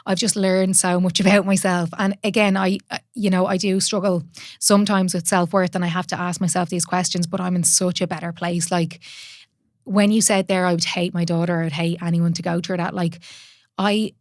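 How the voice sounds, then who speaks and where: A woman's voice: lowish voice, little pitch movement, moderate pace, dry recording, studio quality. An Irish woman in her thirties, a podcast host telling her own story in a candid, earnest way and swearing casually. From Ireland.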